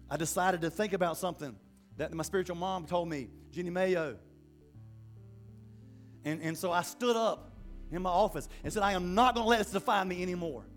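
High-voiced impassioned male pastor preaching. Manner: impassioned preaching with repetitions and restarts. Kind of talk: sermon.

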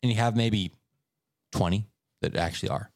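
A man co-hosting a podcast, telling stories in a casual, animated way. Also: normal speed, no room sound, clean studio sound. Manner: animated storyteller, swoops up in pitch for effect. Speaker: podcast co-host. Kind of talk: casual chat, reading stories aloud.

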